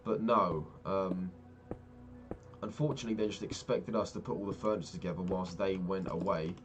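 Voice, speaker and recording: A man's voice: low voice, steady tone, normal speed, faint music behind. A young man chatting casually and rambling, swearing freely as he tells a story while playing a game. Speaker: vlogger. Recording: keyboard clicks and typing behind. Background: keyboard clicks.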